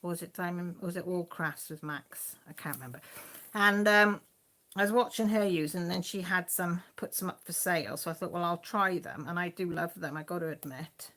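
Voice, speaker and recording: A woman's voice: lowish voice, normal speed, a bit bright. A woman hosting a casual live stream from home, rambling chattily to viewers and her dog, filmed on a phone. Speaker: crafting channel host. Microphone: phone filming.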